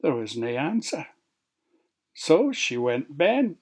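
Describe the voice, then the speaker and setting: A storyteller with a Scots accent, reading a fairy tale aloud with lively expression. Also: mid-range voice, slightly rough. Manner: expressive, lilting, slow.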